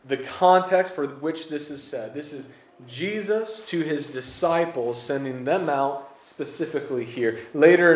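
A man with a slightly high voice preaches a loose, conversational sermon, tossing casual jokes at his congregation. The sound carries the roomy echo of a church hall. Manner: casual, joking asides with the congregation. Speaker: pastor.

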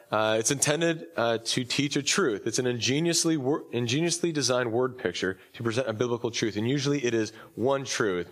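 A man preaching a casual, joking sermon as a pastor at a church service, his voice slightly off while recovering, with many fillers and restarts. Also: mid-range voice. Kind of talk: conversational sermon.

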